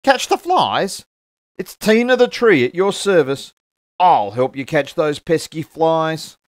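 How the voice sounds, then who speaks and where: A man reading a children's story aloud, voicing an eager, helpful female tree in a bright, exclaiming voice. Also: mid-range voice, lively intonation, a little slow, no room sound, studio quality, close to an everyday voice. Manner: bright, bouncy, exclaiming, puffs when tired.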